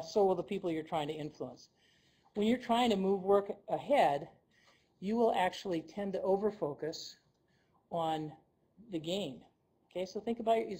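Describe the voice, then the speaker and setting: A woman's voice: lowish voice, warm tone, slightly rough, low-quality recording. A woman presenting a leadership workshop to a live audience, conversational and checking in with "okay?" as she goes.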